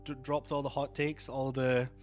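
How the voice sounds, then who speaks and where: A man's voice: medium pitch, flat delivery, normal speed, faint music behind. A man from Scotland with a Scottish accent, chatting casually on a live stream and telling stories with a joking manner. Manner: chatty, jokey storyteller who laughs often. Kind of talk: casual chat.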